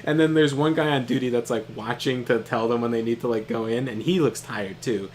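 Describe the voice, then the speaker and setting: Faint music plays behind this young man, who speaks at a medium pitch and a slightly quick pace. Co-hosting a gaming stream, he tells his brother a funny story mid-game, laughing often and cursing without restraint.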